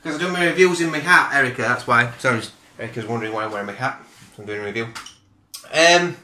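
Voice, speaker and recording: A man's voice: mid-range voice, quick pace, sharp tone, slight background noise. A middle-aged man, reviewing beer in a chatty, rambling, self-deprecating way, recorded at home on a camera mic. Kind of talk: casual video review. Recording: roomy home room echo.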